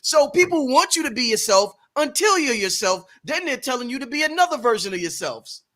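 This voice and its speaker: A man hosting a live show in loose, casual chat. His voice sits high and bright, and he talks with an animated, profane energy. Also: brisk. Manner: animated, gets loud and high when worked up, swears freely. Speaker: podcast host.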